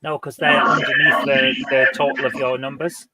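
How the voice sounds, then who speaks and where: Relaxed man running a tabletop game. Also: mid-range voice, normal speed, a loud crowd. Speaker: game master.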